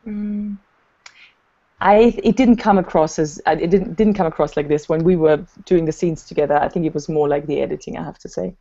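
Speaking brisk and warm from a deep register, this actress wanders through a lengthy anecdote as an interview guest, filling it with ums and asides. Her video-call audio comes across dull.

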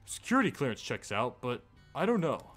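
A man's voice: mid-range voice, sing-song, fairly quick, a bit bright, faint music behind. A man voicing an earnest, friendly male cyborg superhero as he reads game dialogue aloud, stumbling over a few words.

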